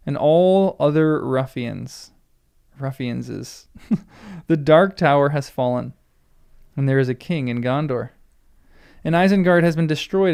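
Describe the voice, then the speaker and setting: A man reading aloud as a small male hobbit who stays quiet and composed. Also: medium pitch, gravelly, clear, resonant tone, pitched below the performer's own voice.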